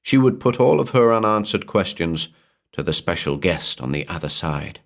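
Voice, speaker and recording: A man reading a horror story aloud in a measured, atmospheric storytelling manner. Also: deep voice, lively intonation, gravelly. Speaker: narrator. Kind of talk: scripted horror narration.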